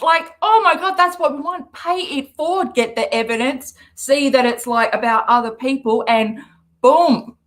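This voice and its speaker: A woman hosting a reaction livestream, talking in an animated, sarcastic way and laughing often. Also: high voice, moderate pace. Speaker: livestream host.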